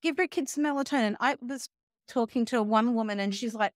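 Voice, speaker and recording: Speaking high-pitched and fairly quick, a middle-aged health and wellness coach chats in a casual interview. The recording is dry with clean studio sound, and she animatedly acts out quoted voices, tossing in sarcastic asides.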